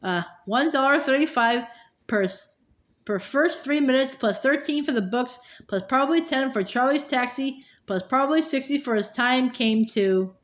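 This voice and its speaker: A woman reading a first-person book passage aloud, sighing now and then and stumbling over words. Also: on the high side. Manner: unpolished reading with sighs and small stumbles. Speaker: reader.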